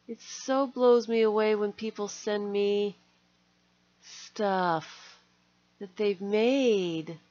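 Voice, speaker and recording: Slow-talking gushing woman on a live stream. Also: medium pitch, mellow, no echo. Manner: gushing, gasping with delight. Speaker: art channel host. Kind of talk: casual live-stream chat while opening mail. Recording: slightly dull lo-fi stream audio.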